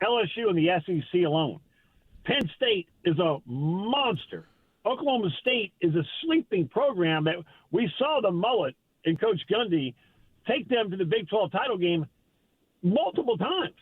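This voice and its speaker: A man chats about college football on a tinny phone line. His voice rides a lively, rather high pitch, and he stumbles and repeats himself as he pushes his points. It sounds plain and dry, with no room behind it. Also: dry recording. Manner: animated, emphatic, folksy, stumbles and repeats words. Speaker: college football reporter, guest. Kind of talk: casual sports radio chat. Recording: phone-line call-in audio.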